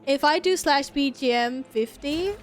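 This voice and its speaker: A woman's voice: high-pitched, measured pace, soft background music. A woman streamer in casual chat, swearing, laughing and reading chat messages aloud.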